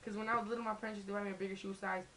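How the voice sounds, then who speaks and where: A woman's voice: mid-range voice, level tone, very fast, a bit bright, a little hiss or hum, poor audio. A young woman in a casual comedy vlog, rambling and swearing with many restarts. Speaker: vlogger.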